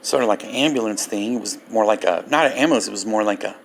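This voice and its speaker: An older man telling a personal story in a vlog, animated and laughing as he goes. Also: on the low side, quick pace, gravelly, slight background noise. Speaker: Christian ministry vlogger.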